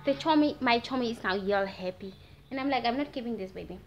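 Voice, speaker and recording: A nineteen-year-old woman from Namibia with a Namibian accent, telling a story in a casual, animated vlog and slipping into Afrikaans slang. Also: fairly high pitch, fast. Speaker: vlogger. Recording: dull lo-fi sound with faint music.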